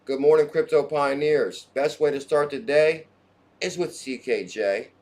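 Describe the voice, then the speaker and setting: A man hosting a crypto livestream, chatting casually and excitedly, hopping between topics and greeting viewers in the chat by name. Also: on the high side, a little slow.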